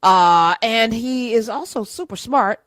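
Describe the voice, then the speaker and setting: A New woman hosts a radio interview. Her voice is a bit high and swings widely, and she jumps in over her guest. The sound is dry and close. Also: a little slow, dry recording. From New Jersey. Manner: animated, talks over guest, laughing. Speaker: radio show host. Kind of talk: interview host chat.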